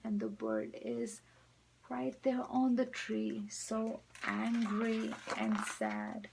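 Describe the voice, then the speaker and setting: A woman teacher reading a storybook aloud to children, expressive and speaking directly to them. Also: a little high, gravelly, low-quality recording.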